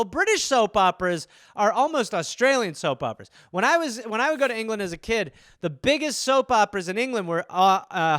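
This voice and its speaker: A man hosting a comedy podcast in casual, rambling riffs, with lots of "like" and loose swearing. His voice sits high and bright, with a smooth, crisp tone. The sound is close and dry, recorded on a studio mic. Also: no room sound. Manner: rambling, full of "like" and restarts, swearing freely.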